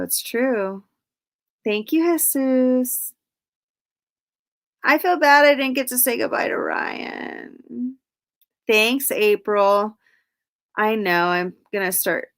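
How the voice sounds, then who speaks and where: A woman's voice: mid-range voice, fairly bright tone. Chatty, cussing woman hosting a livestream. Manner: chatty, profane, reads out viewer comments. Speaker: livestream host. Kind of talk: casual livestream chat.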